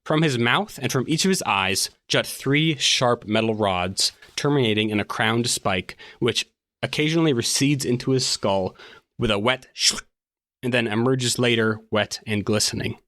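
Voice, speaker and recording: A man's voice: mid-range voice, normal speed, fairly bright tone, no echo, studio quality. A man narrating as game master of a tabletop game, describing scenes in vivid detail.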